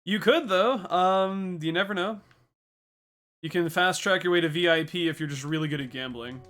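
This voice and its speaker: Yo, young dude streaming a speedrun, laid back, thanking chat, crisp bright voice. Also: male voice, high-pitched, moderate pace, faint music behind. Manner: laid-back, thanks viewers and explains game tactics. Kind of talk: casual livestream chat while speedrunning.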